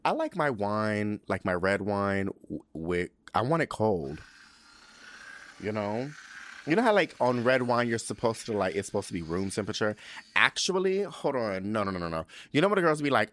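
A young man hosting a podcast in sassy, campy casual chat, cursing freely and swinging between low mumbles and high squeals. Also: very animated, moderate pace, fairly bright tone, no room sound. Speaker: podcast host.

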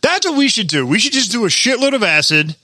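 High lively male podcast co-host. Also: quick pace, no room sound, clean studio sound. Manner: swears freely, mocks with put-on accents. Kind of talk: casual crude banter.

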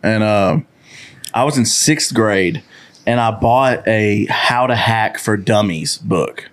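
A man's voice: lowish voice, takes it slowly. Young man telling a wild story. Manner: animated, laughs often mid-story. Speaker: podcast guest. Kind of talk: casual storytelling.

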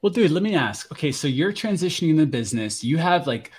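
A man's voice: a little high, very animated, brisk, darkish tone, slightly rough. A man hosting a podcast, interviewing casually and animatedly acting out other people's voices as he tells stories. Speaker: podcast host.

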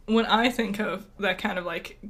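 A podcast co-host chats casually, rambling through asides and laughing often. Her mid-range voice has fairly even intonation and a fairly bright tone, at a moderate pace.

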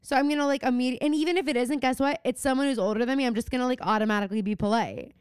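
A woman's voice: high voice, rapid-fire, clean tone, dry recording, clean studio sound. A woman co-hosting a podcast, chatting casually about a TV episode and acting out the characters' lines. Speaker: podcast co-host. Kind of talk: casual chat recapping a TV show.

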